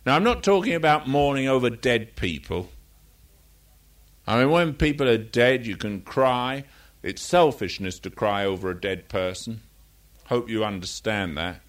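Older guy giving a sermon, chatty and rambly, keeps correcting himself mid-story. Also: mid-range voice. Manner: conversational, rambling with anecdotes and self-corrections. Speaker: preacher.

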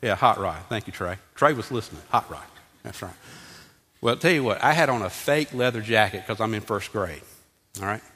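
A middle-aged man, preaching a lively sermon to his congregation and often asking them questions directly. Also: lowish voice, brisk. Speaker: pastor. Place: church sanctuary. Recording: long hall reverb.

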